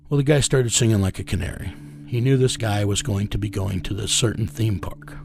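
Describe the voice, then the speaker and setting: A man's voice: lowish voice, a little fast, vocal fry, a little mellow. Blunt, profane middle-aged man storyteller. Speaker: interviewee recounting a rescue case. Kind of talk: casual storytelling interview.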